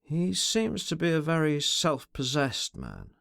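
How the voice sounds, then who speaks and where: A man doing a languid, cool gentleman. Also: fairly high pitch, wildly swooping pitch, measured pace, vocal fry, dry recording, studio quality, pitched above the performer's own voice, full character voice. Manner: languid, tolerant, murmuring. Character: languid, cool gentleman master, quietly menacing.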